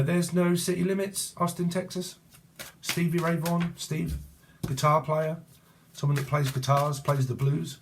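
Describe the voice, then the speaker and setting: A man's voice: mid-range voice, gravelly, slight background noise. A man in his forties giving a rambling tarot reading, crude and jokey, swearing as he digresses. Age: 40s. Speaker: tarot reader.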